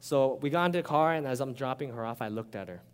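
A man preaching a sermon as a pastor, animated and conversational, often checking in with his listeners. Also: mid-range voice, fast talker, clean tone, long reverb tail.

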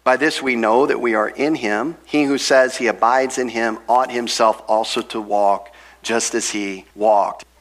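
A man's voice: mid-range voice, steady tone, a little slow. A pastor teaching an expository sermon to his congregation in a conversational way, with asides.

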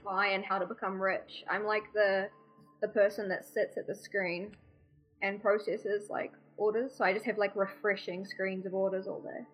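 A woman's voice: medium pitch, flat delivery, normal speed, husky, soft background music, low-quality recording. A young woman with a New Zealand accent chatting casually on a podcast, rambling with lots of fillers and poking fun at herself. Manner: rambling, many fillers, self-deprecating. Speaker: podcast co-host. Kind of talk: casual chat.

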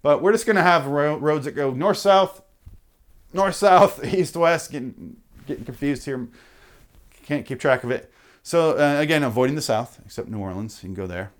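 A man's voice: a little high, expressive, moderate pace. A man hosting a podcast, ranting comically with heavy swearing and frequent self-interruptions. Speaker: podcast host. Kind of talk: comedic rant.

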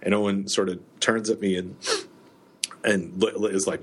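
A man's voice: low voice, fairly even intonation, normal speed, a little hiss or hum. A middle-aged man co-hosting a podcast, telling rambling stories in casual chat and laughing often. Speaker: podcast co-host.

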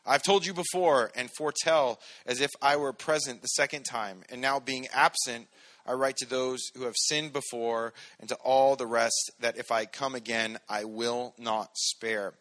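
A man's voice: medium pitch, steady tone, moderate pace, fairly bright tone. A man preaching a casual, conversational sermon, joking and acting out little quotes. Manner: casual, jokey, acts out quotes in voices. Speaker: pastor.

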